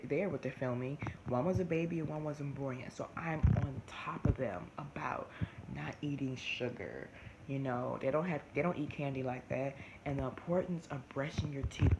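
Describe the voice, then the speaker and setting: A woman, chatting animatedly to camera and often restarting her sentences. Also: very deep voice. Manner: animated, talks fast with many restarts. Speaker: vlogger. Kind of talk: casual chat to camera. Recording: noisy home recording.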